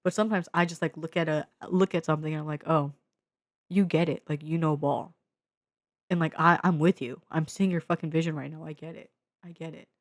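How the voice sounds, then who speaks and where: A young woman from the Bay Area talks through her favorite films in a low voice, excitable and slangy, swearing freely between a stream of fillers. She speaks straight into her own mic, and the sound is dry and close with no room echo. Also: quick pace. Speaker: vlogger reviewing media. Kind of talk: casual media review. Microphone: own desk mic.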